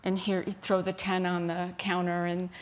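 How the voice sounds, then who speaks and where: A woman minister giving a sermon, telling a story in a gentle, unhurried way. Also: fairly low pitch, monotone.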